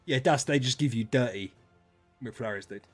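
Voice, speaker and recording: A man streaming casual chat with viewers, ranting and swearing, dropping to mutters and then rising to loud outbursts. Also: medium pitch, moderate pace, breathy edge, faint music behind.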